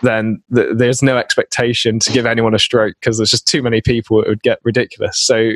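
A man in casual chat, explaining ideas in a measured way. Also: medium pitch, flat delivery, dry recording.

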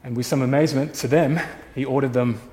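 A pastor telling a story in a sermon, dramatic, shifting from hushed to loud. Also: male voice, mid-range voice, fairly even intonation, quick pace, big-room sound.

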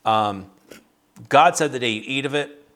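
A man's voice: mid-range voice, unhurried, fairly bright tone. A man leading a casual Bible study over a video call, talking conversationally with frequent restarts and fillers.

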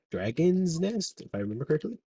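A young man chatting casually with friends, telling animated stories, laughing and swearing freely. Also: a little high, normal speed, a little hiss or hum.

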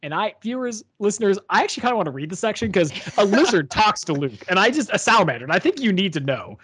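In a casual book discussion, this male podcast co-host recaps a book's plot in a rambling chat stuffed with fillers. He has a high, fairly bright voice with a breathy edge, and he talks fast and very animatedly.

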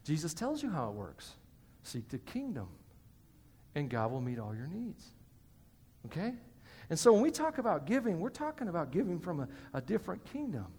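A man's voice: on the high side, very animated, normal speed, a little mellow, husky. A male pastor giving a sermon in a church, chatty and joking with the congregation between points. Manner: conversational, joking asides to the congregation. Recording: hall reverb.

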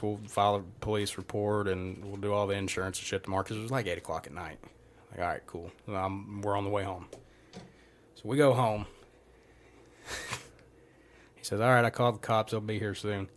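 A young man with a drawl spins a long anecdote for his friends. His voice sits slightly low. He swears casually and acts out every quoted exchange. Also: little pitch movement, brisk, slight background noise. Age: young adult. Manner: profane, rambling anecdote with quoted dialogue. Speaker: podcast host. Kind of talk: casual storytelling among friends.

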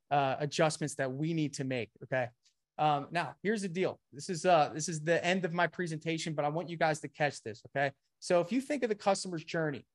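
A man giving a live webinar sales presentation, talking energetically and a bit winded, often saying "okay" and "guys". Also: a little high.

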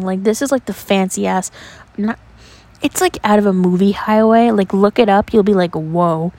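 A woman's voice: mid-range voice, moderate pace, no room sound. Young new york woman on a podcast, rambling chatty stories, says "like" a ton, swears casually. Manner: chatty, animated, heavy use of "like", casual swearing. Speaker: podcast host. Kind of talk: casual storytelling.

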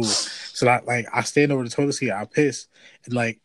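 A man's voice: medium pitch, moderate pace. A young man co-hosting a casual podcast, telling a childhood story in a rambling way full of "like". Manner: rambling storyteller, heavy filler "like". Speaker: podcast co-host. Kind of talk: casual chat.

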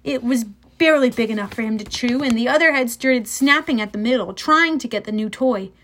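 A woman narrating a children's fantasy audiobook in the first person, lively and storytelling. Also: on the high side, fairly quick.

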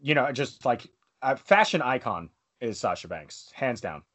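A man's voice: mid-range voice, animated, moderate pace, fairly bright tone. A man co-hosting a casual wrestling chat, rambling and full of fillers. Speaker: podcast co-host.

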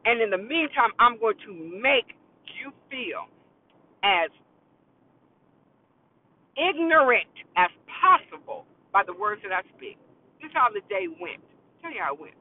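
A man's voice: sits high, animated, a little slow, long pauses. A man who works in retail tells a story about a customer in a firm, emphatic way and repeats his key phrases. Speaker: retail worker telling a work story. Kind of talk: casual storytelling rant to camera. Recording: tinny phone-like sound.

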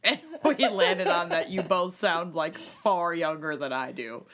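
A woman's voice: on the low side, measured pace, fairly bright tone. A woman co-hosting a casual chat podcast, self-mocking and laughing a lot. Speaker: podcast co-host.

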